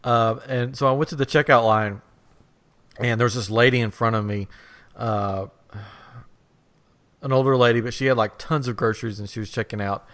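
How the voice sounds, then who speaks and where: Man, podcast host, casual chat, rambling anecdote, chuckling, mid-pitched voice. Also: fairly even intonation, normal speed, pauses often, a bit bright. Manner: rambling, laughs through his story.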